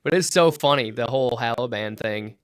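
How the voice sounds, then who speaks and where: A man co-hosting a casual sports podcast, telling stories with lots of swearing and acting out quotes loudly. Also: medium pitch, a little fast, smooth, dry recording. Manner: animated storyteller, swears freely, acts out quotes loudly. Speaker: podcast co-host.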